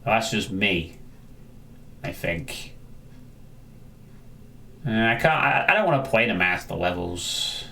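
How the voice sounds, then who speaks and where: A man, his voice sitting on the low side, talks casually on a live stream. He rambles, stops to answer viewers and often trips over his own sentences. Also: animated, slow pace, long pauses, sharp tone, slight background noise. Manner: rambling, answers chat, frequent restarts.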